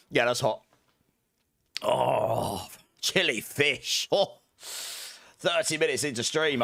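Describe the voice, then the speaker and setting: A man's voice: medium pitch, fairly bright tone, dry recording. A man chatting casually on a live stream, upbeat and jokey, laughing often and thanking viewers by name. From Britain.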